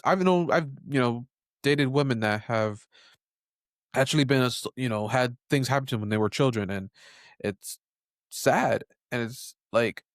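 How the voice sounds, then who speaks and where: A man's voice: medium pitch, smooth, dry recording, studio quality. A man hosting a reaction commentary video, talking in a casual, opinionated way and often breaking off to remark on the clips. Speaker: commentary host.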